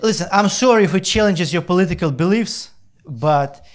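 A man's voice: high voice, moderate pace. A man doing stand-up, ranting sarcastically with heavy swearing. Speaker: stand-up comedian. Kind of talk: stand-up routine.

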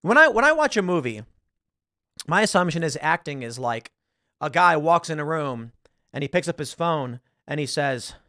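Animated man rambling about movies. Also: on the high side, normal speed, no room sound, clean studio sound. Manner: rambling, searching online mid-talk, acts out quotes. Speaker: podcast host. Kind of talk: casual commentary.

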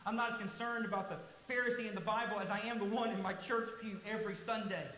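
A man preaching a sermon as pastor in a large church sanctuary, earnest and emphatic, slowing down to stress key words. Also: high voice, fairly even intonation, pushed and bright. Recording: echoey hall, faint hiss.

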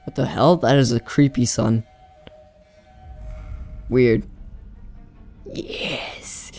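Slow-talking young man gamer. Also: mid-range voice, steady tone, vocal fry, darkish tone, faint music behind. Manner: chatty, rambling, giggly. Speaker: gaming YouTuber. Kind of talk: let's play commentary.

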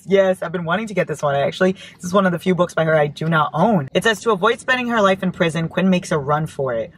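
Excitable woman in her car gushing over books, squeals a lot. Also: fairly low pitch, brisk, husky. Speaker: book vlogger opening fan mail. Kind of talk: casual chat. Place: inside a parked car.

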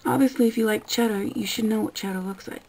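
A young woman rants about her workday in a casual vlog, exasperated and sarcastic, swearing freely. Her voice has a gravelly fry and a dark, mellow tone. She keeps slipping into mock voices to act out the customers. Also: fairly high pitch, fairly even intonation, quick pace, poor audio. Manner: acts out customers in quoted voices. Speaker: vlogger. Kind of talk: casual ranting monologue.

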